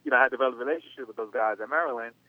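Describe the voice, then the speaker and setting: A man's voice: medium pitch, rapid-fire. A man in his thirties, an interview guest telling a long story in a loose, rambling way full of "you know.". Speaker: interview guest, former athlete. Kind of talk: casual spoken storytelling. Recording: dry, tinny phone-line sound.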